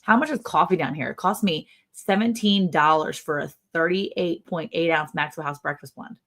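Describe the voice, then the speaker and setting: A middle-aged woman with a lowish voice talks through a casual livestream chat, rambling from one story to the next. She laughs often and keeps things loose and friendly with her co-host and viewers. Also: normal speed, a bit bright.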